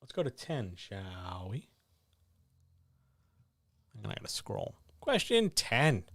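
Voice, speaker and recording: A man's voice: slow pace, no echo, studio quality. A man hosting a writing advice livestream, answering viewer questions in blunt, sardonic, casual chat. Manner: blunt, sardonic, animated, with sudden jumps in pitch.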